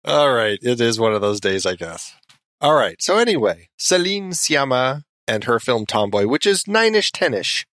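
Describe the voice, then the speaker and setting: A man's voice: medium pitch, big pitch swings, normal speed, a bit bright, no room sound, studio quality. A man co-hosting a film podcast in casual banter, joking, drifting into tangents and laughing often. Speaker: podcast co-host.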